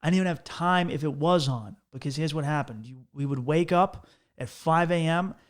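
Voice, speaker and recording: A man's voice: fairly high pitch, moderate pace. Profane rambling young American man. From United States. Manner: profane, rambling, animated with frequent restarts. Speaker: podcast host. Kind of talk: casual storytelling monologue.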